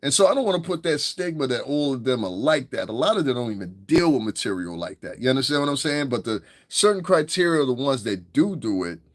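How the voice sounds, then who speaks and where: A man hosts his own podcast, delivering blunt, profane, rambling commentary in a casual monologue. His voice sits at medium pitch, and the recording has no echo.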